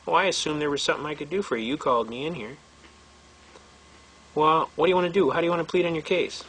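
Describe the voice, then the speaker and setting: A man's voice: on the high side, quick pace, fairly bright tone, breathy edge. A man teaching a seminar, telling courtroom stories in a folksy, blunt way and acting out the people he quotes. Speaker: seminar instructor. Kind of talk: lecture told through courtroom anecdotes.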